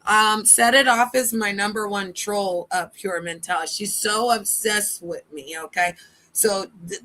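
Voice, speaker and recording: A woman hosts a livestream and rants with a bright, forceful voice. She talks bluntly and defiantly, swearing freely as she makes her case. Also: lowish voice. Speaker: livestream host. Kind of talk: livestream rant.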